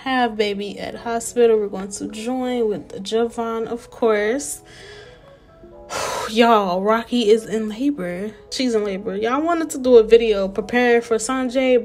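A young woman giving casual, animated let's-play commentary and talking straight to her viewers. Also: a little high, a little slow, soft background music. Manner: chatty, animated, talks to viewers as y'all. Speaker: gameplay narrator.

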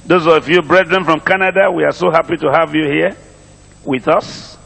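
A man's voice: a little high, steady tone, moderate pace, gravelly, fairly bright tone, husky, long reverb tail. A middle-aged man with a Nigerian accent, preaching a sermon, drawing calls and responses from the congregation and repeating his phrases. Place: church congregation.

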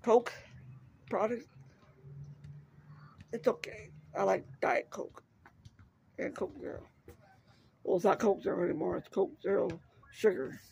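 A man's voice: high-pitched, unhurried, gravelly, long pauses, a little mellow, slight background noise, poor audio. A man vlogging casually on a walk outdoors, rambling and chatty as he talks straight to his viewers. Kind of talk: casual walking vlog. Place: outdoors on a neighborhood street. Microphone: phone camera held while walking.

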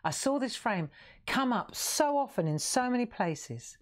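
A middle-aged woman with a fairly high voice and big pitch swings hosts a live craft stream at an unhurried pace. She chats playfully with viewers, jokes around, and sings snippets while showing off her work.

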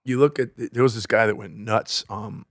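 A man co-hosting a casual podcast chat, blunt and animated, swearing freely as he tells stories. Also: fairly low pitch, normal speed, dry recording, clean studio sound. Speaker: podcast co-host. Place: podcast studio.

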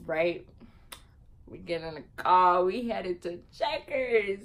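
A young woman vlogger telling a story in casual slang, her voice swinging loud and high as she laughs and mimics people. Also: animated, slow, poor audio.

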